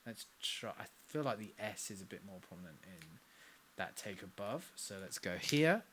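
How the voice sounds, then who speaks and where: A young man, a singer-songwriter chatting casually on a live stream during a recording session, self-mocking with soft muttered asides. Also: lowish voice, lively intonation, normal speed, slight background noise.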